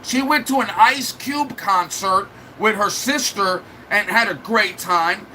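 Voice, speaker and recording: A man's voice: high voice, takes it slowly, bright, forceful tone, a little hiss or hum, rough recording. A man livestreaming in a casual chat, venting at length to his viewers in a rambling, upset way. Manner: rambling, restarts and fillers.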